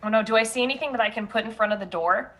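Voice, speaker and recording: A woman playing a tabletop game, talking in an animated, excitable way. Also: fairly high pitch, racing. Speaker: player.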